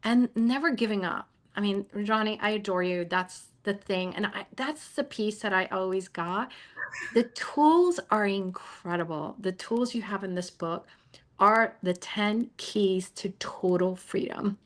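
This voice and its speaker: A woman's voice: mid-range voice, measured pace. A woman hosting an interview, speaking in an encouraging, affirming way. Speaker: interview host. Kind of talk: interview conversation.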